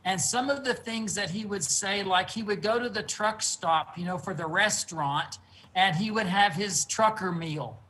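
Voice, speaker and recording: A man, a guest quilt artist, telling stories in a relaxed interview from his studio over a video call. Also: sits high, slight background noise, poor audio. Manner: earnest, unhurried storyteller. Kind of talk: casual storytelling interview.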